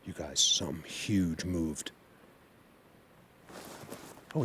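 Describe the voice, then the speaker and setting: A man's voice: mid-range voice, animated, moderate pace, pauses often, darkish tone. A man vlogging from the woods on a handheld camera, emotional, speaking soothingly and fretting to his viewers. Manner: emotional, soothing and fretful, addresses viewers directly. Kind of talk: on-the-spot nature vlog. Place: outdoors in the woods. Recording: outdoor noise behind the voice.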